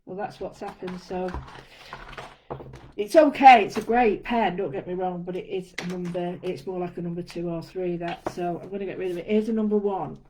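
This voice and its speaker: A woman giving a casual drawing tutorial, chatting through each step as she works and often trailing off softly. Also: lowish voice, fairly even intonation, brisk, few pauses, a little hiss or hum, rough recording. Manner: chatty, narrates her own steps as she draws. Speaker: art tutor.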